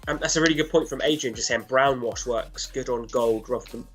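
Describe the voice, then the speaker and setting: A man at a middle pitch chats easily as co-host, relaxed and quick to laugh. Faint music sits under his voice. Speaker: painting club co-host. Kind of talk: casual livestream chat.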